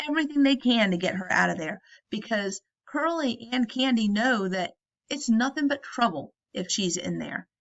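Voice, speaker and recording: Brief: chatty woman teacher in a casual classroom retelling, gravelly voice, dull lo-fi recording. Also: medium pitch, a bit bright. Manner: chatty, tags statements with "right?".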